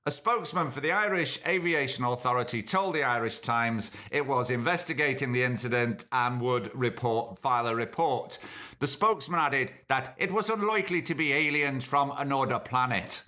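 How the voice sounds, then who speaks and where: A man's voice: mid-range voice, normal speed, sharp tone. A man hosting a podcast as a casual, jokey monologue full of sardonic asides. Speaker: podcast host.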